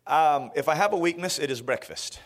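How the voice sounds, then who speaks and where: A man's voice: a little high, fairly quick. A man from Florida preaching a sermon as a guest preacher, telling stories with lots of restarts. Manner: animated storytelling with frequent restarts.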